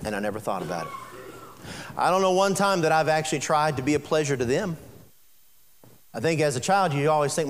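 A man preaching a sermon as a pastor, animated and rising toward near-shouting, laughing at his own stories, in a church sanctuary. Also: fairly high pitch, fairly quick, long pauses, a little hiss or hum. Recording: long reverb in a large hall.

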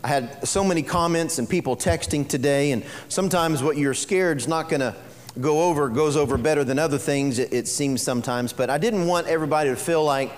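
A man's voice: a little high, brisk, in a large hall. A man preaching a sermon as pastor, mixing folksy jokes with earnest teaching, in a church sanctuary.

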